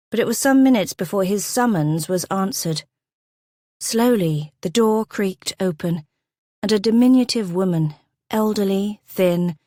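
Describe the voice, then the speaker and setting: A woman narrating a historical romance audiobook in a measured, descriptive way, close to a studio mic. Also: mid-range voice, a little mellow, no room sound. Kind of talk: scripted narration.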